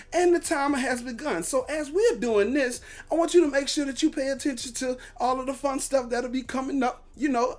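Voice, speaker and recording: Man hosting a casual morning livestream, hyped and encouraging, reading viewer comments aloud. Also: very high voice. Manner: hyped, upbeat encouraging talk; loose and repetitive, with restarts and catchphrases. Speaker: livestream host.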